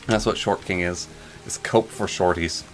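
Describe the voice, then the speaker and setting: A man's voice: low-pitched, fairly even intonation, moderate pace, soft background music. A man casually rambling and joking while narrating his gameplay. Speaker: gaming channel host.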